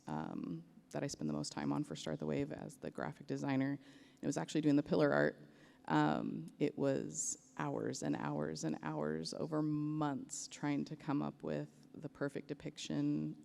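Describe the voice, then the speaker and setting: A woman's voice: low voice, vocal fry, darkish tone. A woman on a convention panel, losing her voice, talking in a chatty, upbeat way about her design work. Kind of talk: panel discussion.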